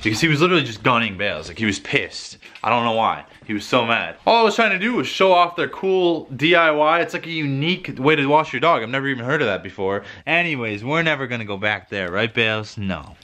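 Animated young man rambling on camera. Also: medium pitch, quick pace, hardly any pauses. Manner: rambling, lots of "like", animated retelling. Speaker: vlogger. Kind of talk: casual vlog storytelling.

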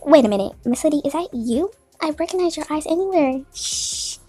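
A woman's voice: sits high, lively intonation, fast talker, dark tone, no room sound, soft background music, pitched above the performer's own voice. A woman voicing a charming young male racer.

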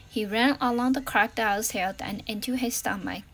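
Expressive woman reading a children's story. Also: a little high, normal speed, few pauses, faint music behind. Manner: expressive, swings between loud and hushed. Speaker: storybook reader. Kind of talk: children's storybook read-aloud.

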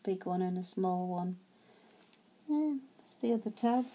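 Slow, mellow-voiced woman crafter. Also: on the low side, animated. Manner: chatty, hesitant, many fillers and restarts. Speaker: craft vlogger. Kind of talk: casual show-and-tell.

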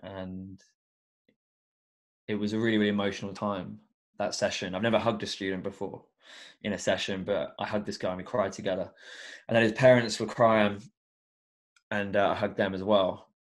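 Earnest young man with a low voice. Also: level tone, normal speed, pauses often. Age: young adult. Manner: earnest and reflective, with many fillers. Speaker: guest, education coach. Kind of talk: casual podcast interview.

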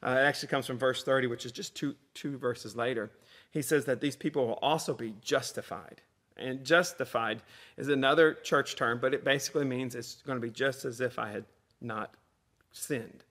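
A man's voice: mid-range voice, fairly even intonation, moderate pace, a bit bright. A man, a pastor giving a conversational sermon with repeated refrains.

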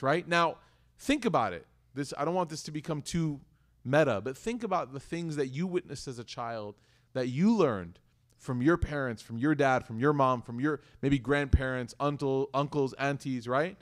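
A man giving a lively sermon to a community audience, talking conversationally and telling stories. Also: fairly high pitch, normal speed. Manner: conversational, animated, addresses audience directly. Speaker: religious community speaker.

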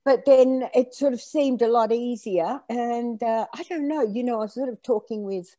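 A woman's voice: a little high, normal speed, no echo. Older woman telling a story, dry sound. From Greece, raised in Australia. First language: Greek. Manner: animated storyteller acting out quoted dialogue. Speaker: author being interviewed. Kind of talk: conversational storytelling interview.

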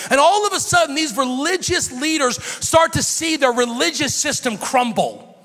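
An American pastor in his forties preaching a sermon, swinging from shouted intensity to a hushed near-whisper. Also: very high-pitched, animated, moderate pace. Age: 40s. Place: church sanctuary. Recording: reverberant church sanctuary.

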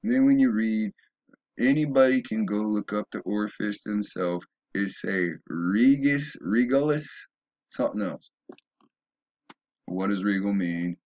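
A man's voice: lowish voice, a little slow, a little mellow, dull audio. A man delivering a rambling opinion monologue, often stumbling and restarting, then rising into emphatic bursts. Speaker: video blogger.

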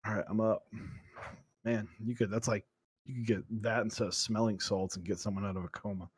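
A man's voice: on the low side, fairly even intonation, fairly quick, breathy edge, no room sound, clean studio sound. A man co-hosting a casual talk show, chatting loosely with lots of fillers. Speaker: co-host. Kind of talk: casual chat.

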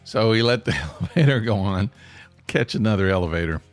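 A man hosting a podcast, telling a funny story in an animated, self-deprecating way and laughing mid-sentence. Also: on the low side, brisk, faint music behind. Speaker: podcast host. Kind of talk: comic storytelling.

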